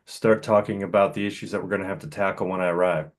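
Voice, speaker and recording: A man, the incoming town administrator, explaining his reasoning to the board in a measured way. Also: sits low, fairly even intonation. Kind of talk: public meeting discussion.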